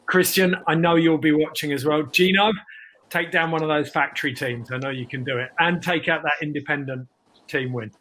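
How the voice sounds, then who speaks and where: Guy hosting a video chat, bit higher voice, teasing and upbeat, faint hiss behind. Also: fairly even intonation, a bit bright, low-quality recording. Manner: upbeat, teasing, quick asides. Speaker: host. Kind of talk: casual chat.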